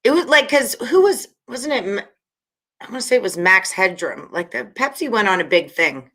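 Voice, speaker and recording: A woman with a bright, forceful voice co-hosting a late-night podcast. She chats in a lively way and laughs easily. She also acts out lines from commercials as she goes. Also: mid-range voice, moderate pace. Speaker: podcast co-host. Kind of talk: casual chat.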